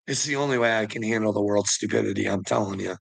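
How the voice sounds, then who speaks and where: A man's voice: on the low side, quick pace, gravelly, husky, rough recording. A man in a casual, rambling monologue, swearing often and laughing between thoughts. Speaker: vlogger.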